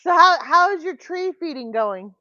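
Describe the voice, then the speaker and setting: A woman's voice: very high voice, expressive, moderate pace, pushed and bright, no room sound. A woman hosting a casual livestream chat on a video call, rambling with many restarts and fillers. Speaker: YouTube livestream host. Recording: dull, lo-fi call audio.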